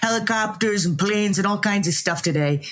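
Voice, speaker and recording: A man's voice: high voice, normal speed, a bit bright. A man playing an upbeat male island greeter who talks in a breezy, reassuring, salesy way in an improv comedy scene.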